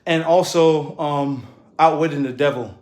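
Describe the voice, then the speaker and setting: Young New guy, high voice, animated motivational chat with plenty of laughs. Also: unhurried. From New York. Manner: animated, laughs often, slangy. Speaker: fitness coach and streamer. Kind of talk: casual motivational talk. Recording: echoey room.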